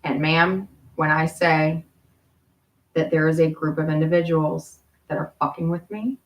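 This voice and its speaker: Heard from far off in a roomy recording with lo-fi sound, this Appalachian Kentucky woman talks at a measured pace in a low, steady voice. She rambles through stories in a courtroom, cursing and cutting herself off.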